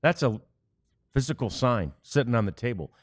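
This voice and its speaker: A man's voice: mid-range voice, expressive, moderate pace, no room sound, clean studio sound. A man from the United States hosting a sports podcast, chatting easily with many fillers and reading ads. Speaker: podcast host. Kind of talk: casual sports podcast chat, ad reads.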